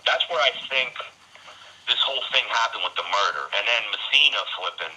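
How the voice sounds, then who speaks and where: Serbia-born ex-mob guest, animated and profane storyteller, very bright edgy voice, call audio. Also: male voice, mid-range voice, brisk, rough recording. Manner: blunt, profane, animated retelling with quoted dialogue. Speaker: interview guest, former mob associate. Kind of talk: storytelling interview over a call.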